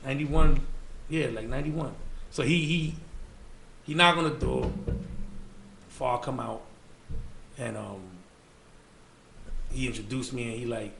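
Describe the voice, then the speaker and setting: Bright-voiced New York man telling stories. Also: medium pitch, unhurried, gravelly, pauses often. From the Bronx, New York. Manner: loose, slangy storytelling with many fillers. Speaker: guest. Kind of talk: casual storytelling interview. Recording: echoey room with faint ambient noise.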